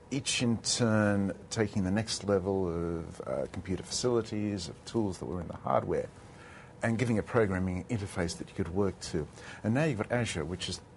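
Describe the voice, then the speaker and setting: Man with a real low voice, measured explainer on a panel, faint background hiss. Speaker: industry guest. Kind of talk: panel discussion.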